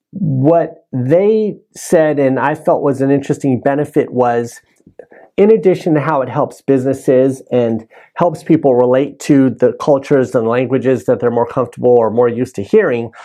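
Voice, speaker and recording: A man's voice: medium pitch, mellow. A man hosting a podcast, recapping his season in a casual, rambling way and correcting himself as he goes. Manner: rambling, self-correcting with restarts. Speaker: podcast host.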